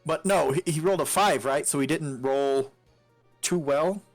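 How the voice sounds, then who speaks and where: A man's voice: fairly high pitch, normal speed, no echo, soft background music. A man playing a tabletop game, chatting casually, hesitant and swearing now and then. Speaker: player.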